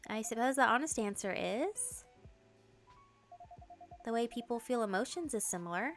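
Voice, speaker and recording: Calm barista, read by a woman, fairly high voice, soft music underneath. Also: normal speed. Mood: thoughtful. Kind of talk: game dialogue read-through.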